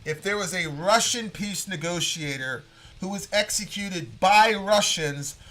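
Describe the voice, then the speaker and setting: A man's voice: sits high, a little slow, faint music behind. Emphatic man in casual political commentary. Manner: animated, emphatic, rambling with restarts. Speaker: podcast co-host.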